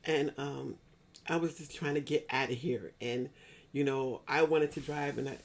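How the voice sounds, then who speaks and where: A woman's voice: rumbling low, fairly even intonation, normal speed. A middle-aged woman giving heartfelt personal testimony in an earnest, church-going manner, often repeating herself to drive a point home. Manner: earnest and repetitive, often circling back to restate a point. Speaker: speaker sharing a personal grief story.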